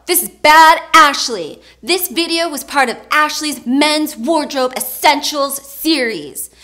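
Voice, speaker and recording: A woman's voice: sits high, pitched above the performer's own voice, exaggerated voice. "Bad Ashley": a woman doing a brash tough-talking alter ego. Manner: swaggering slang, loud and cocky.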